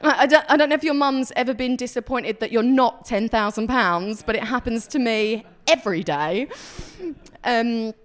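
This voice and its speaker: A woman's voice: on the high side, normal speed. A woman performing a stand-up comedy set on a club stage, chatty and self-deprecating, acting out the voices of people she quotes. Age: 30s.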